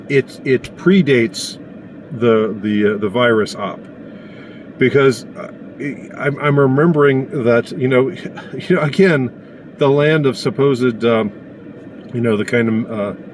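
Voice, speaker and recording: A man giving a casual opinion monologue, indignant and sarcastic, pausing often as he talks. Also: mid-range voice, slight background noise. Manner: indignant and sarcastic, halting with many pauses. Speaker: commentator.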